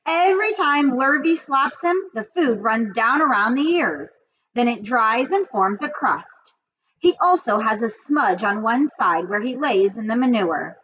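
A woman's voice: fairly high pitch, animated, unhurried, fairly bright tone, lo-fi sound, slight background noise. A woman voicing a determined farm wife who speaks firmly and matter-of-factly. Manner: firm, matter-of-fact.

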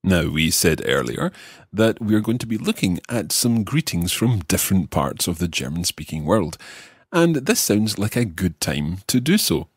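A man hosting a language lesson podcast as the learner, repeating phrases slowly and carefully. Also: low voice, big pitch swings, slightly rough, no room sound, studio quality. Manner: slow, careful repetition of phrases. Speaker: host and learner.

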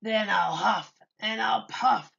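A woman voicing a hungry big bad wolf in a children's storybook reading, drawing out her threats slowly. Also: mid-range voice, creaky, fairly bright tone, slightly rough, highs cut off, exaggerated voice. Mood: menacing.

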